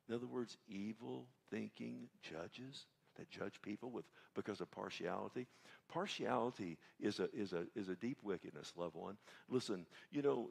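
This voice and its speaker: A man's voice: fairly low pitch, vocal fry. A male pastor preaching a folksy, conversational sermon and often checking in with his congregation. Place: church sanctuary.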